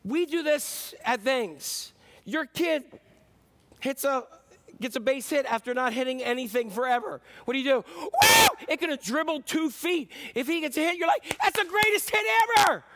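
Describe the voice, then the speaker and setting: A man preaching a sermon as pastor, animated and joking with the congregation, acting out shouts and voices. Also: very high voice, moderate pace. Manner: jokes with the audience.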